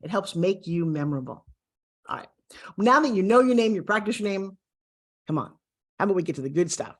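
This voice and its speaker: A woman from the United States teaching an online lesson straight to the viewer, lively and coaching, often acting out little exchanges. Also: medium pitch, a little fast. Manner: animated, acts out little quoted exchanges. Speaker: course instructor. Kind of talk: direct-to-camera online lesson.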